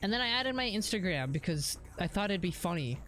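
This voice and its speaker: A young woman chats her way through a live driving-game stream, loose and unscripted, with the odd curse word thrown in. Her voice sits at an ordinary middle pitch, and soft music plays faintly underneath. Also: big pitch swings, fairly quick. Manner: chatty, swears freely, reads chat aloud. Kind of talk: casual live-stream chat while gaming.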